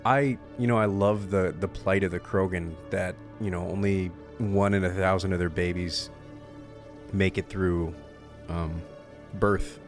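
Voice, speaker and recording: A man's voice: low voice, steady tone, a little slow, faint music behind. A male streamer chatting casually, tired and a little loopy late at night, rambling as he plays. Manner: rambling, with lots of fillers and restarts. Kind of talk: casual chat.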